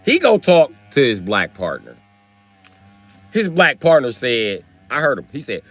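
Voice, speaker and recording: A man's voice: medium pitch, wildly swooping pitch, unhurried. A young man from Wisconsin with a Wisconsin accent, telling a profane story on a livestream and acting out every quote. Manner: profane, swings into loud acted quotes. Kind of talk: animated storytelling.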